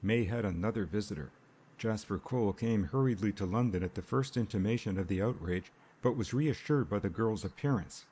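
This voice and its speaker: A male audiobook narrator reading in an even, unhurried style. His voice is low and mellow with a husky grain. The delivery stays steady throughout. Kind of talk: scripted narration.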